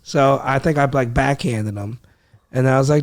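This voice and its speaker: A man's voice: mid-range voice, normal speed, dry recording, studio quality. A young man from Ohio, a comedian, telling a story in casual podcast talk, acting out quotes and swearing freely. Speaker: comedian guest.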